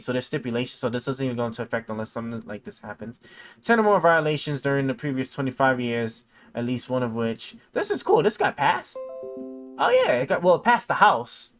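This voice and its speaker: A man's voice: mid-range voice, clean tone. A man hosting a casual live stream chat, thinking aloud with lots of fillers and sometimes reading text aloud. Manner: reads text aloud haltingly. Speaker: livestream host.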